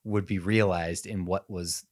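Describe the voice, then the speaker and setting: A man co-hosting a casual comedy podcast, wry and quick to laugh. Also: low voice, steady tone. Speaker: podcast co-host.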